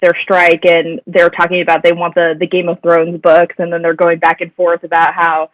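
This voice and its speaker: A man with a notably high voice talks as a guest in a casual film chat. He hesitates, restarts his sentences and laughs often. The sound is dry and close. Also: completely flat delivery, moderate pace, hardly any pauses, a bit bright, no room sound, lo-fi sound. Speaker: podcast guest.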